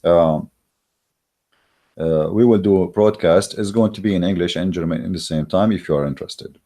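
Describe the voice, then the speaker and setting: Low, mellow-toned man for a combative polemic talk; scornful, mocking delivery, lots of "uh" and restarts. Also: normal speed. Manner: scornful, mocking, emphatic with many fillers. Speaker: online religious debater. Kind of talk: heated polemical monologue. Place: recorded while in Germany.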